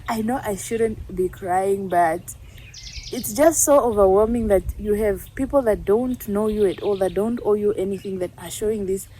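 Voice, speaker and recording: A woman's voice: medium pitch, animated, unhurried, dark tone, slight background noise. Earnest young woman chatting in a vlog. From Namibia. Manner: earnest and reflective, often laughing at herself. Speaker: YouTuber. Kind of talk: casual vlog chat.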